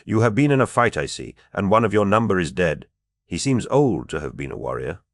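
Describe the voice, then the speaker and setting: A man's voice: deep voice, brisk, dry recording, clean studio sound. A man putting on an airy stranger with a peculiar accent. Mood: airy, assured. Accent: peculiar foreign accent. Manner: airy, calm. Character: soft-spoken stranger, man of a strange land.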